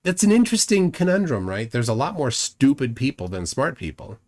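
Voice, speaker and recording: Very animated, a little fast and slightly mellow, a man's mid-range voice hosts a livestream. He meanders through commentary, reads the chat's comments out loud, and frequently repeats himself along the way.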